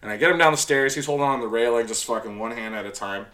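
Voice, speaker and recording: A man spinning a rowdy bar story in relaxed conversation, cursing often and leaning on filler words as he goes. His voice sits at an ordinary middle pitch, neither high nor low. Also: quick pace. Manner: profane, animated storytelling with many fillers. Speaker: storyteller recounting his bouncer work. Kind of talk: casual chat.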